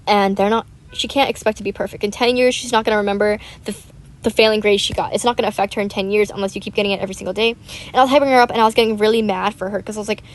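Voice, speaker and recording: A woman's voice: medium pitch, fairly even intonation, rapid-fire. A teenage girl chatting casually and rambling animatedly while she plays a game. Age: teens. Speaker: gaming YouTuber. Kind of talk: casual chat while gaming.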